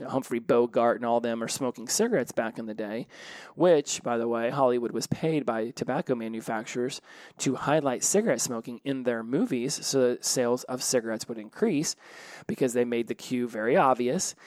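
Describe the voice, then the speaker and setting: A man's voice: mid-range voice, darkish tone, no room sound. A man hosting a podcast and coaching listeners on habits, in a casual, conversational way that often repeats and restarts words. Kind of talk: casual solo podcast talk.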